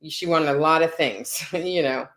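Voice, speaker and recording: A woman with a fairly low speaking voice shares a personal story as an interview guest. She talks in an earnest, conversational way and often asks "right?" to keep her listener with her. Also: measured pace, fairly bright tone.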